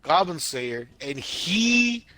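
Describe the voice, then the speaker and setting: A male podcast co-host in easygoing chat, retelling scenes with lively energy, slang and sound effects. His voice sits fairly high and bright, recorded close and dry with no room sound. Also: drawn-out words, no echo. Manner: animated, storytelling with sound effects and wrestling slang. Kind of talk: casual chat.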